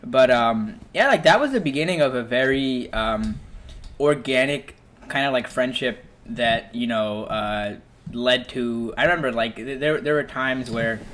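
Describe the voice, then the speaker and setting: A young man in casual podcast chat, swinging into animated storytelling and laughing often as he goes. His talk is loose and full of fillers, with a plain, mid-pitched voice. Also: measured pace, slight background noise. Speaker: podcast host.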